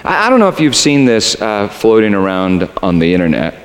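A male pastor preaches with a lively, rising and falling voice. He reads scripture animatedly, then talks to his congregation in a relaxed, conversational way. His voice rings out with long reverb in a large hall. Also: lowish voice, fairly quick. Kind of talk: sermon.

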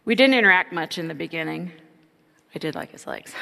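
A woman's voice: fairly low pitch, lively intonation, brisk, vocal fry, pushed and bright, big-room sound. A middle-aged woman giving an earnest, reflective personal testimony.

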